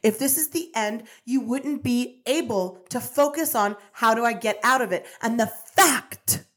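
Woman host, upbeat pep-talk monologue, repeats herself, swears freely, slightly high voice. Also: unhurried, a bit bright. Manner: preachy, repetitive, swears casually. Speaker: podcast host and manifestation coach. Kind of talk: energetic motivational monologue.

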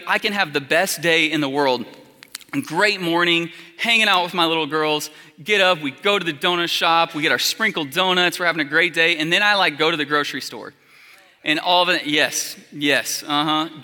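A man's voice: fairly high pitch, pushed and bright. A man in his thirties preaching a sermon as a pastor, telling stories in a casual, conversational way with lots of fillers. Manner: conversational storytelling with many fillers. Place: church hall. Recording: long hall reverb.

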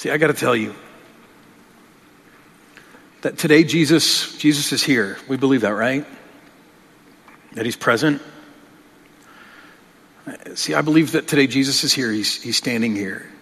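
A man's voice: mid-range voice, measured pace, pauses often, fairly bright tone, slightly rough. A male pastor preaching a sermon in an earnest, conversational way, often restarting his phrases. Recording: long reverb of a large hall.

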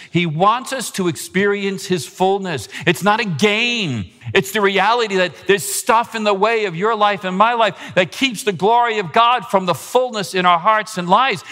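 A man preaching a sermon in a church, impassioned, rising to a higher pitch at his climaxes. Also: sharp tone. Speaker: pastor. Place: church sanctuary. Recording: long hall reverb.

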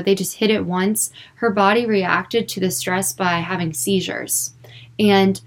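A young woman speaking earnestly about faith and emotions in a personal, unscripted way, with lots of filler words. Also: mid-range voice. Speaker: Christian speaker.

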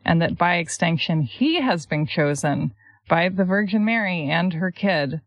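A woman co-hosting a podcast in casual chat, reading passages aloud in a wry, animated way. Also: fairly low pitch, unhurried, no echo, lo-fi sound. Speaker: podcast co-host.

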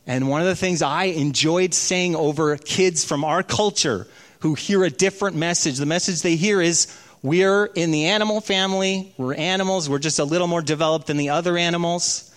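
Male pastor, sermon, storytelling delivery, slows for emphasis, fairly high voice. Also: fairly bright tone.

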